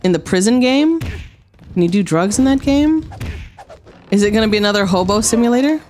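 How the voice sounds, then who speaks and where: A woman streaming a wrestling game, trash-talking with playful sarcasm, dropping low for tough lines and yelping high when surprised. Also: expressive, moderate pace, darkish tone, slight background noise. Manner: swings between low mock-tough lines and high yelps. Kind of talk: live gameplay commentary.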